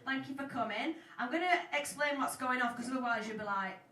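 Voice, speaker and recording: A woman's voice: high-pitched, a little fast. Laughing Yorkshire woman on a club stage. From Yorkshire, England. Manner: chatty, self-mocking, laughing a lot. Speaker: singer-songwriter and show host. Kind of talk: stage banter between songs. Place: small indoor music club stage. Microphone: stage mic heard from a distance. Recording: echoey club, distant mic, loud music.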